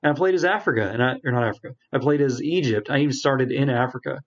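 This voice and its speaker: A man's voice: medium pitch, quick pace. A man co-hosting a casual gaming podcast, telling a long game story in a rambling way. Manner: rambling storyteller, acts out game characters in quotes. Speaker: podcast co-host. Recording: dull lo-fi sound.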